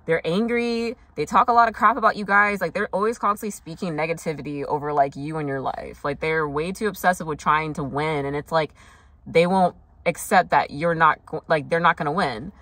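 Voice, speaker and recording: A woman's voice: low-pitched, fairly quick, fairly bright tone, dry recording. A young woman doing a casual tarot reading, talking loosely with lots of fillers and frank swearing. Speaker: tarot reader.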